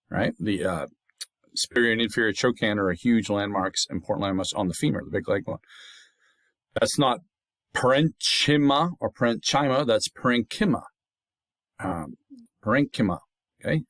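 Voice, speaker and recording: A man recording a lecture as an anatomy instructor, in a patient, explanatory manner, saying words slowly to show the pronunciation. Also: lowish voice, fairly bright tone, dry recording.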